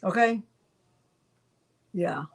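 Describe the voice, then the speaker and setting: A middle-aged woman hosting a live craft software tutorial, chatting with viewers by name while she demonstrates. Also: mid-range voice, extremely slow, creaky.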